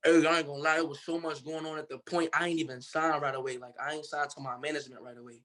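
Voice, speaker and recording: A man's voice: fairly high pitch, fairly even intonation, fast, bright, forceful tone. A young man from Cincinnati, Ohio, telling his story as a guest in a casual interview, in a loose, slangy way full of fillers. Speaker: guest artist.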